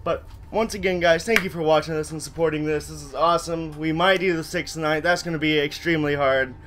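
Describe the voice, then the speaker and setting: A man hosting a gaming channel, giving excitable let's-play commentary to his viewers. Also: on the high side, fairly quick, noisy background. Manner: excitable, talks to viewers, shouts when winning.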